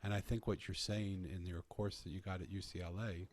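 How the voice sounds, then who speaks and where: A man's voice: low-pitched, flat delivery, a little fast, a little mellow. A man earnestly telling a personal story in conversation, often restarting his phrases. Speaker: podcast guest telling a story.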